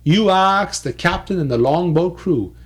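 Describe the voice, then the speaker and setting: Male oral storyteller; dialect, rhythmic repetition, very animated. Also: high voice, a little slow. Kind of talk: oral folk-tale telling.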